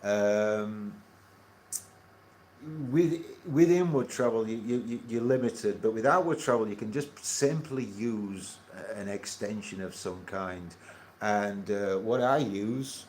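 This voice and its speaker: A man hosting a casual astronomy livestream, rambling and halting with many fillers and chuckles. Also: fairly low pitch, a little mellow, a little hiss or hum.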